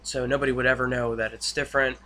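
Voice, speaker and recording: A young man talks through a TV episode recap, loose and rambling, with plenty of "uh" and "um" as he goes. His voice is bright and forward. A faint hiss sits under the recording. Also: mid-range voice, flat delivery, fast. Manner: rambling retelling with many fillers. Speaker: YouTube reviewer. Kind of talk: casual spoken episode recap.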